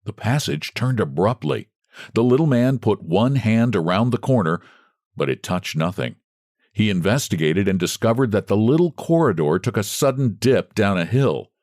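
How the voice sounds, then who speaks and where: A man narrating a classic short story with expressive storytelling delivery, close to the mic. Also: fairly low pitch, moderate pace, dry recording.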